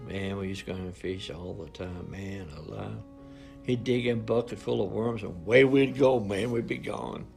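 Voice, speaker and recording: Elderly man, low gravelly voice, folksy rambling storyteller, faint music behind. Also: fairly even intonation, normal speed, darkish tone. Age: 80s. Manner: folksy, rambling, colloquial grammar. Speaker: minister's son recounting family photos. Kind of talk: informal storytelling.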